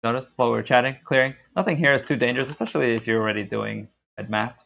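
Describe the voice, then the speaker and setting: A young man streaming a game, talking through his play in a laid-back, rambling way with a deep, dark voice. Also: fast talker, creaky, slight background noise. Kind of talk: casual gameplay commentary. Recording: tinny lo-fi stream mic.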